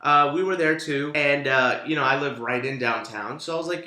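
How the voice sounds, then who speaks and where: A man hosting a podcast, telling a story in a lively, profane, casual way. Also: mid-range voice, normal speed. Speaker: podcast host. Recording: roomy echo.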